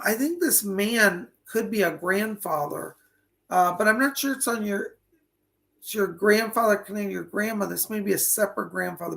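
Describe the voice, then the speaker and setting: Gravelly-voiced man giving live psychic readings. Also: high-pitched, fairly bright tone. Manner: chatty, breathless, addresses viewers by name. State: losing his voice. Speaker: psychic reader hosting a live stream.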